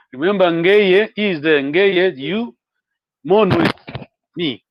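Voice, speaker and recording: High-voiced, slow, encouraging teacher man. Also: expressive, dry recording, highs cut off. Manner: encouraging, repeats words slowly to model them. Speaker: language teacher. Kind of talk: online class instruction.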